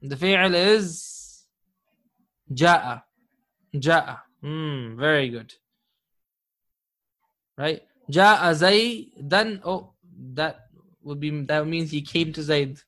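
A man's voice: a little high, slow, pauses often, fairly bright tone. A man teaching an Arabic grammar class live online, patient and encouraging, often chuckling.

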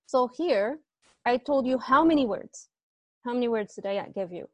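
Teacher, female, higher-pitched voice, online class, patient step-by-step explainer, dry close sound. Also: animated, moderate pace, no echo. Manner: patient, explains step by step, asks students questions. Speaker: Arabic grammar teacher. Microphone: earbuds.

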